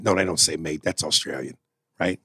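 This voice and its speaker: Gravelly joking man in casual talk. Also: a bass voice, brisk, pushed and bright, dry recording, studio quality. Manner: loose, joking, swears freely. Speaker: podcast co-host. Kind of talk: casual profane chat.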